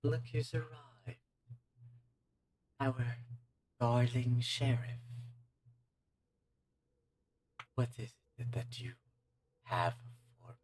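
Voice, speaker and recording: A man's voice: mid-range voice, animated, takes it slowly, pauses often, a little mellow, a little hiss or hum, voice pushed up. Man putting on a haughty British archdemon. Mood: mocking. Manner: theatrical, mocking and menacing.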